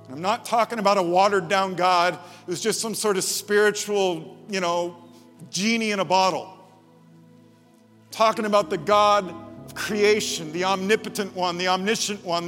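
High-voiced male pastor preaching in a hall. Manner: builds from quiet to loud emphatic preaching. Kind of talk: sermon.

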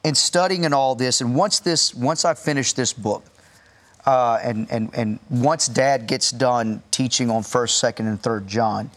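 A man co-hosting a Christian talk show, making earnest, measured statements about giving and faith. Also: medium pitch, fairly bright tone. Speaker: co-host, teacher on giving. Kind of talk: preaching in conversation.

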